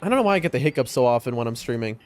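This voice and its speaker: A young man streaming a game, chatting excitably to his viewers as he plays. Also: mid-range voice, rapid-fire. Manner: chatty, excitable, often addresses chat. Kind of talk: live gameplay commentary to chat. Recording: faint music behind voice.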